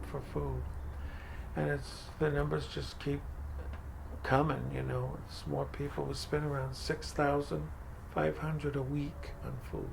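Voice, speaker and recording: A man's voice: on the high side, creaky, background noise. An older man telling his story in an oral history interview, acting out the voices in his dialogues. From Franco-American, from Maine. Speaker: food pantry director.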